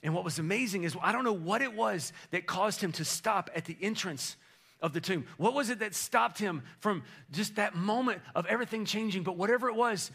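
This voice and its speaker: A male pastor preaching an energetic, playful sermon, rallying his congregation in a church. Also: high-pitched, brisk, gravelly, husky. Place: church sanctuary.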